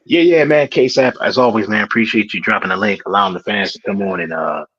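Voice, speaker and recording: A man's voice: fairly low pitch, lively intonation, a little fast, fairly bright tone, breathy edge, no echo, dull audio. A man giving his final thoughts on a sports panel, hesitant with many fillers. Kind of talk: casual sports talk.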